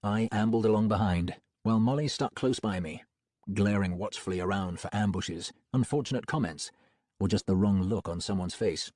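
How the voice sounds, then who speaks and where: A man narrating an audiobook in the first person, wry and expressive, on a close studio mic. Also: on the low side, normal speed, no echo. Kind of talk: scripted narration.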